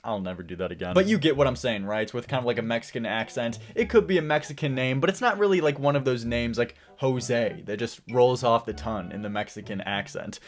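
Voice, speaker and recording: A man's voice: mid-range voice, lively intonation, fast talker, hardly any pauses. A man hosting his own channel, delivering a profane, rambling commentary rant and laughing often between points. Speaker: channel host.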